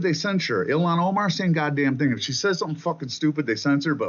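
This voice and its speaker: Male vlogger, combative rant to camera, husky and swearing constantly, muffled lo-fi sound. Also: a little high, quick pace. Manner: profane, combative, repeats "okay?" often. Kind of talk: angry political rant to camera. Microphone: camera mic.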